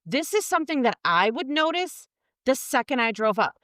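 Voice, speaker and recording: A woman's voice: high voice, moderate pace, no room sound, studio quality. Blunt, swearing true-crime podcast woman. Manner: blunt, swears freely, animated storytelling. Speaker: podcast co-host. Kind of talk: casual true-crime chat.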